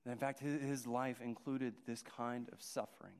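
A man's voice: mid-range voice, fairly even intonation, moderate pace, clear, resonant tone. A man preaching a sermon, earnest and restarting his phrases as he goes. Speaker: pastor. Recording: long hall reverb.

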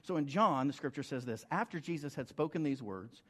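A man's voice: a little high, expressive, brisk, a bit bright. Middle-aged male pastor, casual preaching voice, checks in with the congregation. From United States. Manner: conversational, rhetorical questions to the congregation. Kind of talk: sermon.

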